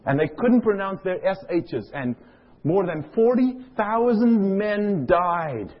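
A man's voice: sits high, expressive, slow pace, highs cut off. A middle-aged man from Africa, preaching a sermon and telling a personal story, often putting questions to the audience. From South Africa.

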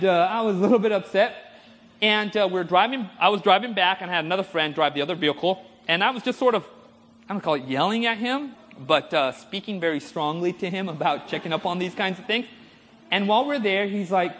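A male preacher with a voice that sits high and moves briskly tells animated stories during a sermon, prompting the congregation for amens. The recording carries a long hall reverb.

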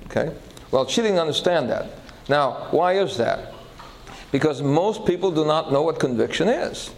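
A man preaches a sermon in a fairly high voice that swoops up and down with lively emotion. He tells the story to the congregation, pausing often to ask them questions, over a faint hum of room noise. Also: vocal fry, rough recording. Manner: animated, asks the audience questions. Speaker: pastor.

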